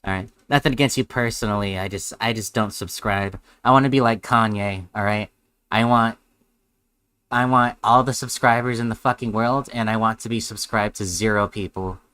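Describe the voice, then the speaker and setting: A man's voice: fairly low pitch, steady tone, normal speed, bright, forceful tone, clear, resonant tone. Sarcastic, foul-mouthed male streamer. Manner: sarcastic, heavy swearing, rambling. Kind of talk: live reaction stream.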